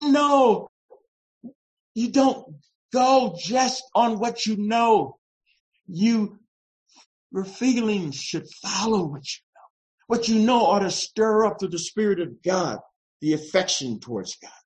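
Slow, emphatic pastor preaching. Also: mid-range voice, expressive, rough recording. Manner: slow and emphatic, swelling into shouts. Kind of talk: sermon.

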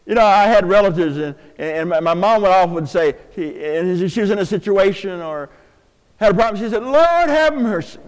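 An older man preaching a sermon in a church, swinging from hushed, drawn-out pleas to loud calls to the congregation. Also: sits high. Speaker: pastor. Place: church sanctuary. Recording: long hall reverb.

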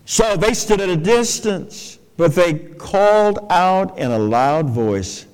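A man preaching a sermon, folksy and expressive, dropping to soft low phrases and jumping to high, emphatic ones. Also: slow pace, smooth. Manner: folksy, colloquial asides. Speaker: pastor. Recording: long hall reverb.

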